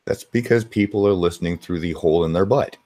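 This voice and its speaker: Male panelist, very deep, blunt, mocking, dry close recording. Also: fast talker, mellow, no echo. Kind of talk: casual chat on a call.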